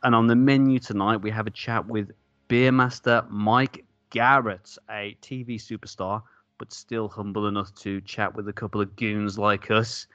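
A man's voice: on the low side, flat delivery, normal speed, fairly bright tone, dry recording, highs cut off. A man co-hosting a casual beer-tasting podcast, jokey and rambling, laughing often. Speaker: podcast co-host.

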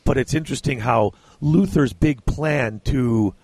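Man, podcast co-host, excitable book talk with read-aloud bits, dry close sound. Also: mid-range voice, a little slow, no echo. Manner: laughs often, enthusiastic, reads excerpts aloud. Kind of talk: casual book discussion with read-aloud passages.

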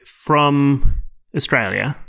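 A man's voice: mid-range voice, drawn-out words, vocal fry, sharp tone. A man co-hosting a podcast in casual chat, joking, laughing often and swearing freely. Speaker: podcast co-host.

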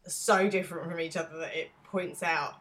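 A woman's voice: on the low side, steady tone, normal speed, a bit bright. An English woman co-hosting a podcast in casual chat, talkative, laughing easily and asking her co-host questions. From England. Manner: chatty, laughs often, asks questions.

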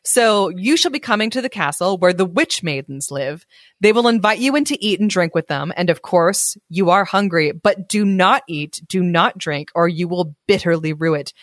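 A woman's voice: lowish voice, lively intonation, normal speed, no room sound, clean studio sound, close to an everyday voice. A woman reading as a wise old talking horse. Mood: advising. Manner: earnest, advising storybook reading.

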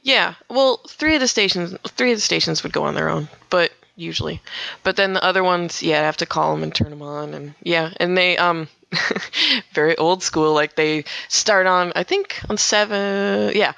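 A woman's voice: lowish voice, normal speed, vocal fry, a bit bright, dry recording. A young woman from Minnesota, a radio worker and podcast guest, chatting casually in an interview. She laughs a lot and trails off mid-sentence. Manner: laughs often, trails off and restarts.

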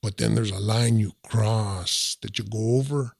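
A man's voice: on the low side, fairly even intonation, a little slow, creaky, slightly rough, no room sound, clean studio sound. A man, mixing into casual, drawling rants full of "man" and "you know.". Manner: streetwise, drawling, peppers talk with 'man' and 'you know'. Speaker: podcast guest. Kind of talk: casual ranting chat.

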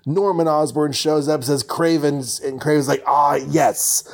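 A man's voice: on the high side, fairly even intonation, normal speed, darkish tone. Man rambling through a comic recap. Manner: rambling, joking, many fillers. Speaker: podcast host recapping comics.

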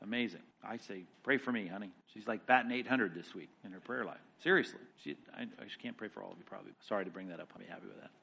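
Bright-voiced pastor teaching Scripture. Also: male voice, lowish voice, vocal fry, husky. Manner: animated, quotes Scripture with rising emphasis, quick asides. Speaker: pastor teaching a Bible study. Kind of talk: sermon-style Bible teaching.

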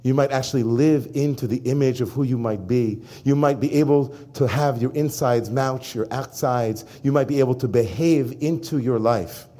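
Animated man preaching a sermon. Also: mid-range voice, moderate pace, hardly any pauses. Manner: animated, addresses the congregation directly. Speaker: rabbi. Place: synagogue before a congregation.

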